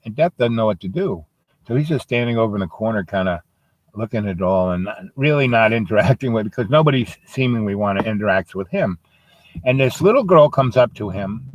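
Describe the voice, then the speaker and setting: A man's voice: on the low side, dry recording. A man telling a meandering story off the cuff, with many fillers and asides. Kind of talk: rambling spoken storytelling.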